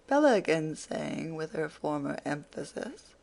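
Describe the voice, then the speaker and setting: Narrator reading a classic novel, steady pace, gravelly texture. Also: medium pitch, normal speed. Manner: steady storytelling. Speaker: audiobook narrator. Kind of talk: scripted narration.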